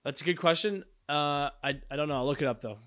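A man's voice: a little high, fast, fairly bright tone. A man co-hosting a podcast, talking casually and rambling with fillers and restarts. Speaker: podcast co-host. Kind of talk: casual chat.

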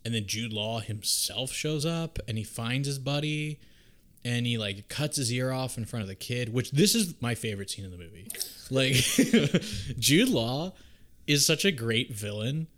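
A man's voice: mid-range voice, a little slow. Profane man recapping a movie. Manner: profane, animated storytelling, acts out characters' lines. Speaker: podcast co-host. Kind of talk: casual movie recap chat.

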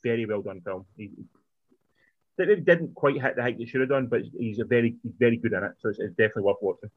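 A man co-hosting a podcast, giving quick, opinionated film takes and steering the talk to the next title. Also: medium pitch, no echo. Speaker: podcast co-host. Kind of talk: casual film review chat. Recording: tinny phone-like line, dry.

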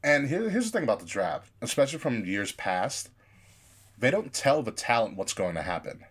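A man co-hosting a casual podcast about wrestling, talking animatedly and often restarting his sentences when excited. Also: medium pitch, normal speed, husky. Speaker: podcast co-host.

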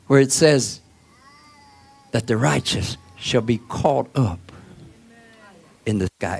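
A male preacher giving a sermon in an emphatic, repetitive way that swells to shouts. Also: medium pitch, expressive, slow pace, gravelly, long pauses, husky.

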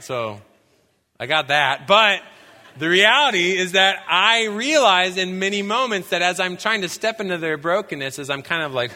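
A young man preaching a sermon as a pastor, telling lively stories and breaking into shouts to act out scenes. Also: high voice, moderate pace. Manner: animated storytelling, bursts into shouts when acting out scenes. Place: church sanctuary. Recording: long hall reverb.

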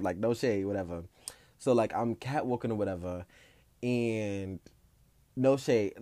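A man in his twenties telling an animated, profane story about competing at a ballroom event, full of ballroom slang. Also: lowish voice, normal speed, no echo, clean studio sound.

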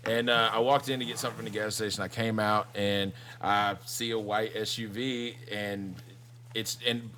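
A man's voice: lowish voice, little pitch movement, moderate pace, pushed and bright, slight background noise. A man telling a story as a podcast co-host in casual chat, rambling and cursing, often breaking into laughter.

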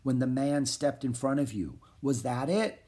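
A man's voice: a little high, sing-song, a little slow, slightly rough, pitched above the performer's own voice, exaggerated voice. A man reading aloud, voicing a proud, hot-tempered young ancient prince who speaks in a haughty, commanding way. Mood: wondering.

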